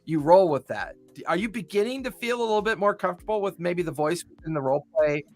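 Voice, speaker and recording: A man's voice: high voice, expressive, quick pace, music in the background. A man hosting a casual podcast, rambling and repeating his words as he talks. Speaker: podcast host.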